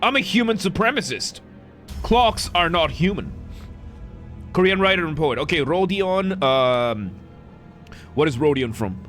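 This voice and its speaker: A male streamer with a bright, forceful voice, pitched a little high, chatting loosely as he plays. He rambles, corrects himself mid-sentence and cracks jokes at chat, with faint game music under him. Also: expressive, measured pace, long pauses. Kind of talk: casual live-stream commentary.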